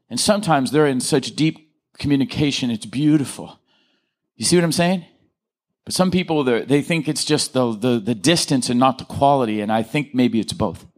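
Lively joking preacher man. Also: on the high side. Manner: lively, joking, asks the congregation to respond. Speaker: pastor. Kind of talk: sermon. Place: church.

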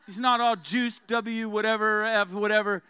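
A fiery male preacher with a high, bright, clear voice, driving his sermon hard and calling on the crowd to repeat after him. The sound is close and dry, with no room echo. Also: steady tone, moderate pace. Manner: fiery, emphatic, has the crowd repeat phrases.

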